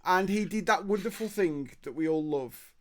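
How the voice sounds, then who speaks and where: A man telling stories in casual live-stream banter, giggling and halting with fillers. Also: high voice, background noise.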